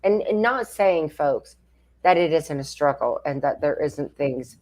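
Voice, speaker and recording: Woman, low-pitched, co-host, encouraging, rhetorical questions. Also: expressive, a little slow, a little mellow. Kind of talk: conversational chat.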